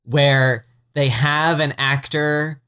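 A man's voice: fairly high pitch, fairly even intonation, drawn-out words, pushed and bright, clear, resonant tone. A man co-hosting a podcast in casual chat, rambling and self-deprecating, laughing often. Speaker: podcast co-host.

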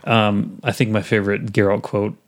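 A man chatting casually on a podcast about video games. He talks in a loose, rambling way and gets animated when he retells funny scenes. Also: on the low side, moderate pace. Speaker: podcast co-host. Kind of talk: casual game chat.

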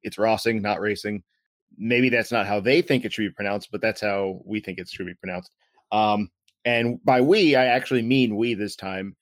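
A man's voice: fairly low pitch, normal speed, no echo. A man hosting a casual podcast, talking in a rambling way with many fillers and restarts over a remote call. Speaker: podcast host.

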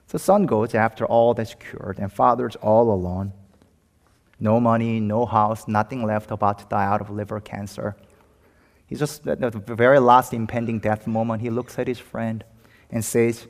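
A man's voice: fairly low pitch, fairly even intonation, moderate pace. Impassioned male pastor in echoing hall. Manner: impassioned, rising to emphatic peaks. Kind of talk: sermon. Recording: long hall reverb.

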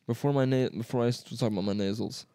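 A man's voice: mid-range voice, rapid-fire, mellow, clear, resonant tone, no echo. A young man with a stuffy nose, co-hosting a podcast in casual, rambling chat, swearing and laughing often. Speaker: podcast co-host.

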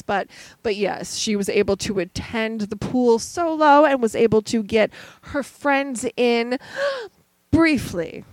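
A higher-pitched woman co-hosts a casual podcast, retelling a story with chatty asides and quick tangents. Her voice sits close and dry on the mic, with no room around it. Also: no echo, rough recording. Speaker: podcast co-host. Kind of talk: casual chat.

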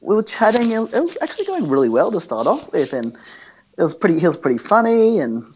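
A man's voice: sits high, huge pitch swings, fast, breathy edge. A young man telling a casual rambling story, acting out quoted lines of dialogue. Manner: rambling, acts out quoted dialogue, swears freely. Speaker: podcast co-host. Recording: dull lo-fi recording.

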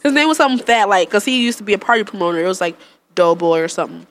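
A young woman from the Detroit suburbs chats casually, laughing often as she tells stories. Her pitch rises and falls widely, and she slips into put-on voices for the people she quotes. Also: animated, very fast. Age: young adult. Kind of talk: casual podcast chat.

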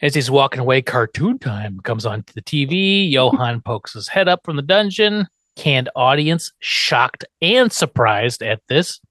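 Animated wry man, dry sound. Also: mid-range voice, a little slow, few pauses, no echo. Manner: animated, wry asides, laughs often. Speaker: podcast host. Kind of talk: casual chat recapping a TV episode.

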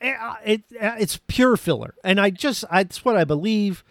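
A man co-hosting a casual movie discussion, animated and acting out lines from scenes. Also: high voice, moderate pace, no echo, clean studio sound. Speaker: podcast co-host.

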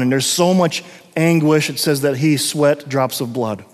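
A man's voice: fairly high pitch, unhurried. A middle-aged man preaching a sermon as pastor, reading scripture and breaking into casual asides and short laughs. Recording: long hall reverb.

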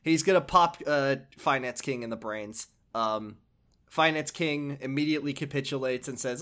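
A man's voice: mid-range voice, normal speed, a bit bright, smooth. A man recapping a video game on a podcast. He rambles and swears, and his talk is full of hesitations and restarts. His voice sits in an ordinary middle register.

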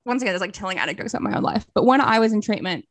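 A woman's voice: medium pitch, lively intonation, very fast. A young adult woman in casual chat, candidly sharing personal anecdotes. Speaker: podcast co-host.

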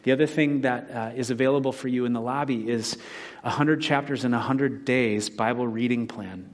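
A man in his forties preaching from the pulpit in an easy, conversational way. He weaves scripture together with everyday stories from his own life, and his voice sits at an ordinary middle pitch. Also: steady tone, normal speed. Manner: conversational preaching with personal anecdotes. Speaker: pastor. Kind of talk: sermon.

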